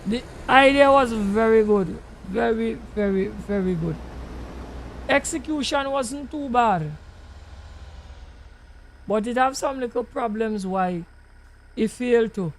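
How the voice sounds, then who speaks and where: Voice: mid-range voice, slow, pauses often, rough recording. A host chatting in a rambling, guarded way while playing a driving game. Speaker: gaming channel host. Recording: vehicle noise from the game behind the voice.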